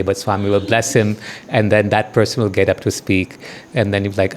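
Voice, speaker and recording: A man giving a devotional talk and guided meditation, speaking gently and often checking in with listeners. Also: lowish voice, level tone, a little hiss or hum. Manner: slow, soothing meditation guidance. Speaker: spiritual teacher.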